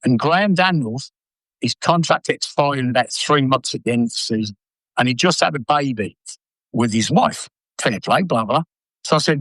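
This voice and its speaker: An older former footballer telling blunt, sweary stories in an interview. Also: male voice, mid-range voice, moderate pace, no echo, poor audio. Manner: blunt, sweary, animated anecdotes. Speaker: former footballer and manager, guest. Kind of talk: casual storytelling interview.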